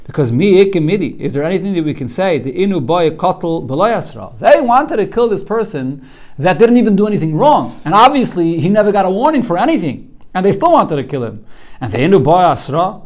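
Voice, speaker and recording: A man's voice: high voice, big pitch swings, brisk. A man, a rabbi, teaching a Talmud class, walking students through the text line by line in an earnest way, often repeating a word as he starts a thought.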